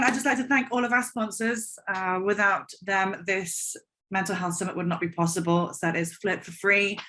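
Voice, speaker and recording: A woman's voice: mid-range voice, sharp tone. A woman hosting an online summit, thanking the speaker and sponsors in an earnest, appreciative way. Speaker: summit host.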